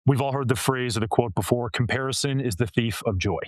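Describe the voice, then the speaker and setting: A man's voice: mid-range voice, a little fast, dry recording. A man speaking as a communication coach in a podcast interview, explaining ideas in an earnest, coaching way with everyday examples. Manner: earnest, coaching tone with illustrative quotes. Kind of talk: conversational interview answers.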